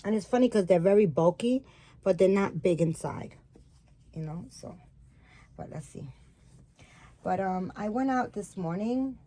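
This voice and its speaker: A woman's voice: mid-range voice, expressive, measured pace, long pauses, dark tone. Woman doll-nursery vlogger, rambling chatty storyteller, casual to camera. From Puerto Rico. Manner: rambling storyteller, acts out quoted dialogue. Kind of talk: casual chat to viewers while dressing dolls.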